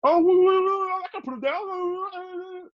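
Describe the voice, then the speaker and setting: A man putting on the voice of an exasperated older man who yells at pranksters in a shrill, whiny way. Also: fairly even intonation, slow pace, no echo, dull audio.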